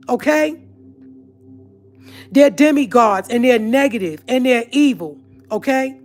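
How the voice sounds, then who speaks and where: A woman's voice: sits high, animated, measured pace. Heated, confrontational woman channel host. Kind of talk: ranting live-stream monologue.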